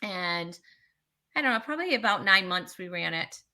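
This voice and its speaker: A woman's voice: mid-range voice, animated, moderate pace, bright, forceful tone. A woman comedian talking as a guest in a casual interview, chatty and emphatic, with frequent restarts.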